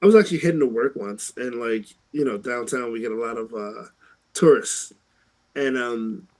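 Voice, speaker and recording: A man's voice: medium pitch, normal speed, a little mellow, low-quality recording. A man co-hosting a podcast, chatting in a laid-back way with hesitant fillers. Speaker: podcast co-host. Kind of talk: casual chat.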